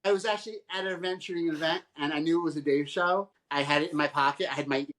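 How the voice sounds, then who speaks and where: A man's voice: on the high side, steady tone, fast, noisy background. A man on a podcast as a guest, chatting casually and rambling through stories, putting on voices for the people he quotes. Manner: rambling storyteller who acts out quoted people. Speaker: photographer. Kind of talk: casual chat.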